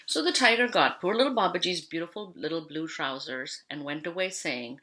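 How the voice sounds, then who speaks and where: Lively woman reading a children's story. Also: low-pitched, a little fast, hardly any pauses. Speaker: teacher reading aloud. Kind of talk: children's read-aloud.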